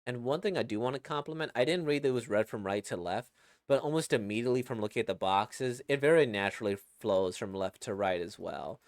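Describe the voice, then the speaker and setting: A man's voice: mid-range voice, a little fast, dry recording, clean studio sound. A man casually reacting to a webcomic he reads, rambling and reflective, with many fillers and restarts.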